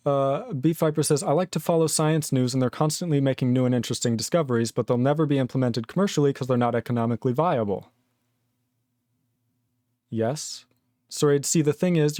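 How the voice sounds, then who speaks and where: A young man in his twenties ranting casually on a live-coding stream, reading chat aloud, animated and sweary. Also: medium pitch, no room sound, studio quality. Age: 20s.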